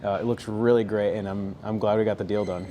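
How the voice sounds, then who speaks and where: A man, a watch salesman, casually talking about a customer's purchase in a relaxed way, with fillers. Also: lowish voice, fairly quick, slight background noise.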